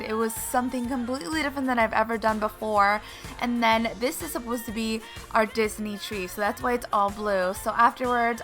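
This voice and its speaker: A woman's voice: on the high side, bright, forceful tone. A young woman vlogging casually, gushing and chatty as she talks to her viewers. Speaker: lifestyle vlogger. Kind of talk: casual vlog narration. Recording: faint background music.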